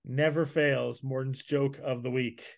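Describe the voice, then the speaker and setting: A man's voice: medium pitch, a little slow, creaky. A man hosting a casual podcast and wrapping up the episode. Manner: relaxed, wraps up the show. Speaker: podcast host.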